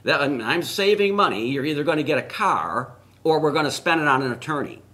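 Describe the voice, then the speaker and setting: A man's voice: on the high side, animated, fairly quick, sharp tone. A middle-aged man co-hosting a political opinion podcast, blunt and ranting, telling stories. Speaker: podcast co-host.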